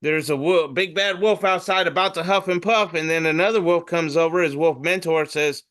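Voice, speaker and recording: A man's voice: a little high, fairly even intonation, moderate pace, hardly any pauses, fairly bright tone. A man who does comedy, hosting a podcast and reading memes aloud in a loose, profane, jokey way. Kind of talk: casual comedic meme reading.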